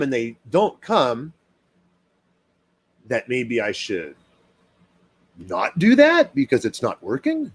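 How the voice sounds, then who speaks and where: Man, dog trainer, rambling casual talk, lively up-and-down pitch, slightly high voice. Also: slow, long pauses. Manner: rambling, lots of fillers, acts out quoted people in higher voice. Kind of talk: casual talking-head monologue.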